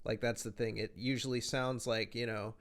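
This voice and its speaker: A man's voice: medium pitch, little pitch movement, normal speed, a bit bright. A man hosting a podcast in casual interview chat, laid-back, slangy and profane. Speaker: podcast host.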